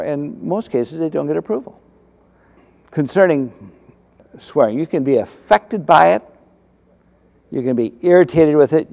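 An older man, a former navy officer, telling faith stories from his service in a halting way, full of restarts and fillers. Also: medium pitch, mellow. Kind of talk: casual storytelling testimony.

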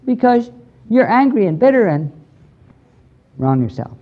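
A man's voice: high-pitched, sing-song, a little slow. An older man from the United States preaching a sermon in an earnest, plain-spoken way that rises into emphatic preaching. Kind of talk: sermon with a storytelling tone. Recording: dull lo-fi recording.

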